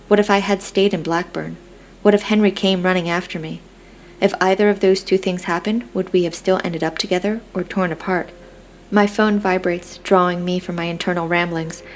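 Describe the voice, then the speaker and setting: A woman narrating a first-person romance audiobook in an even, unhurried way. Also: lowish voice, slight background noise.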